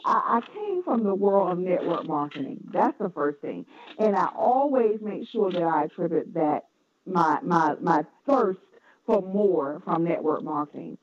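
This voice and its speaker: A woman from North Carolina with a Southern accent, speaking earnestly as a podcast guest about her businesses. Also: on the low side. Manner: earnest and affirming, frequent laughs and restarts. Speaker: guest, educator and entrepreneur. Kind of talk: podcast interview, casual. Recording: phone-like narrow sound.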